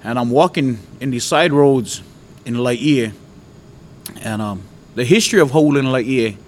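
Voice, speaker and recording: A man's voice: medium pitch, unhurried, a little hiss or hum. Earnest man. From Hawaii. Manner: earnest, conversational storytelling. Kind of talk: personal faith testimony.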